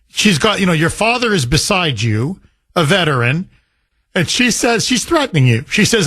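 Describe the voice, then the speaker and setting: A male talk radio host with a high, very animated, fairly bright voice speaks at a moderate pace in a clean studio with no room sound. He takes listener calls during an opinionated monologue, emphatic and sarcastic, mocking opponents with sing-song voices.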